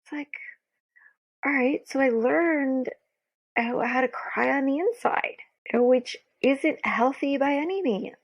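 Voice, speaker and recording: Woman guest, candid and emotional, gravelly voice, muffled lo-fi recording. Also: high-pitched, unhurried. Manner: candid, emotional, many fillers. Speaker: podcast guest, author. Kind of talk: casual conversation. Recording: dull lo-fi sound.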